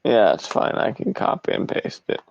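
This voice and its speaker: A man's voice: moderate pace, dull audio. A man joining a livestream as a guest, laid-back and chuckling along. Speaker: guest streamer. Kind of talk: casual chat.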